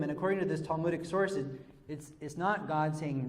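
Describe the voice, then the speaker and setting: Rabbi leading a text study. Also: male voice, fairly high pitch, fairly quick. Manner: conversational, frequent "sort of" and "right?". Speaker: rabbi teaching a study session.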